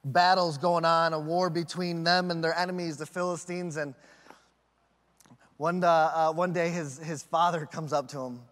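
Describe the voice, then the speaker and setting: A man preaching a sermon as a pastor, telling stories with animated acted-out voices. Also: fairly high pitch, moderate pace, in a large hall. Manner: animated storytelling with acted quotes.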